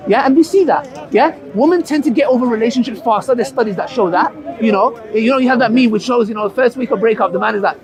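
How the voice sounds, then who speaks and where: A man's voice: very high voice, fast, few pauses, over music, poor audio. A man in a heated street debate, talking passionately and circling back to his point with many restarts. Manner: passionate, repetitive, restarts often. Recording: crowd noise outdoors.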